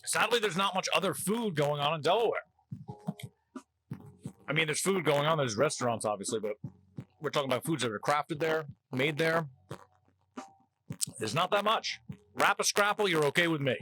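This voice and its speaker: A man's voice: on the high side, moderate pace, long pauses, sharp tone, rough recording. A man from New Jersey hosting a casual food-tasting vlog, chatty and wry as he jokes between bites. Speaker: host.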